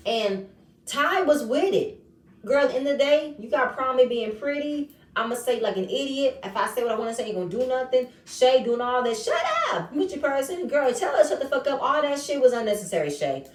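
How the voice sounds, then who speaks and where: A woman recapping a reality show episode in casual, animated commentary, acting out the quoted lines in changing voices. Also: on the high side, moderate pace, far from the mic. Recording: echoey room, voice set back from mic.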